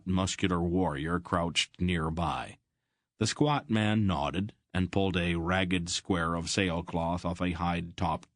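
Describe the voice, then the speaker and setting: A man narrates a fantasy audiobook in a deep, low voice, steady and even. The recording is close and completely dry. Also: dry recording. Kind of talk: scripted narration.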